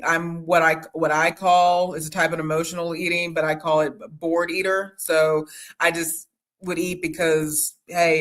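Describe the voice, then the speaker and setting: A woman guest on a casual chat who talks in a halting, rambling way with many pauses and restarts. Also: fairly low pitch, fairly bright tone. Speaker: guest homesteader. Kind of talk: casual conversation.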